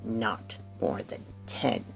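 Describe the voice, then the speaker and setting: A deep, hoarse, menacing nobleman who kills his wives, put on by a woman storyteller. He draws his words out slowly with a rough, gravelly edge. The delivery lands low and threatening, in the manner of a spoken storybook. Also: lively intonation, soft background music, heavily acted. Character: menacing nobleman wife-killer, cold and threatening. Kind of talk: storybook narration with acted voices.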